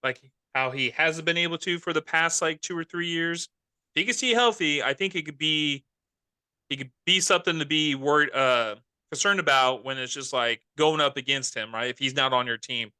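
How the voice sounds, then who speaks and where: A man's voice: on the high side, normal speed, pushed and bright, clear, resonant tone, dry recording. A man co-hosting a fantasy football podcast in casual, rambling chat that often corrects itself mid-sentence. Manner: loose, rambling, self-correcting. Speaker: podcast co-host.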